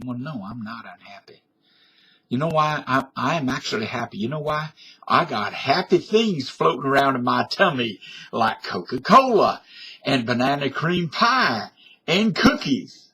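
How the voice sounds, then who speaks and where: A man's voice: medium pitch, sing-song, normal speed, bright, forceful tone, husky. A man in his fifties or sixties talking into a webcam at home in a folksy, digressive monologue that wanders and often corrects itself. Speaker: vlogger. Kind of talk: rambling casual monologue.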